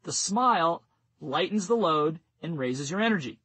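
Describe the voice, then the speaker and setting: A man narrating a nonfiction audiobook in a steady, instructive reading voice. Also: on the high side, moderate pace, breathy edge, no echo, rough recording. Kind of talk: scripted narration.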